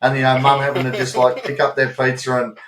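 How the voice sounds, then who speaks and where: Aussie bloke telling stories in a roomy echo. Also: male voice, mid-range voice, fast talker, slight background noise. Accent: Australian. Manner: animated storytelling, swears freely. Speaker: podcast co-host. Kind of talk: casual chat.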